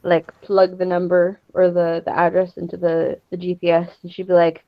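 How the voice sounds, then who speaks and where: A woman describing her character's moves at a tabletop game, hesitant and full of fillers. Her voice is somewhat low and comes through a muffled, lo-fi mic. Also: monotone, normal speed, no room sound. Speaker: player. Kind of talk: tabletop role-play table talk.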